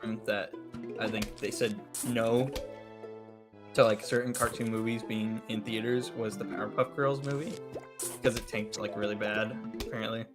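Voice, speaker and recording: A man's voice: lowish voice, steady tone, moderate pace, soft background music. Easygoing laughing male guest. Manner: easygoing, laughs often, trips over words. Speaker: guest co-streamer. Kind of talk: casual chat on a game stream.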